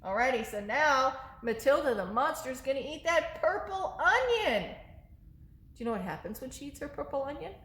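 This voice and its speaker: A woman's voice: sits high, big pitch swings, normal speed, a bit bright. A woman, a children's librarian, running a story time in an upbeat way and checking in with the children through frequent questions. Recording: echoey room.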